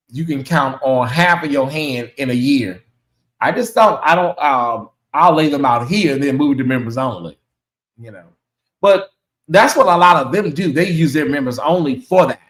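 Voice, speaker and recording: A man hosting his own livestream, chatting casually and reacting out loud to messages from viewers. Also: on the high side, reverberant, rough recording. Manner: chatty, animated, reacts aloud to comments. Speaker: channel host.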